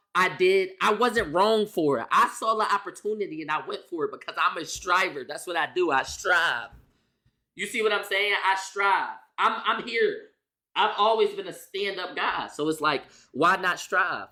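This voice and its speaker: A young man with a high voice tells a casual storytime as a streamer. He's animated and profane, firing off rhetorical questions and repeating lines for emphasis.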